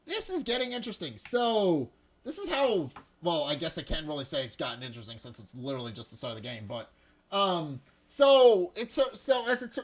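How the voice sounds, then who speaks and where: A man hosting a let's play, chatting casually about the story he is reading aloud. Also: on the high side. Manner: rambling, casual. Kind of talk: reading a game aloud with commentary.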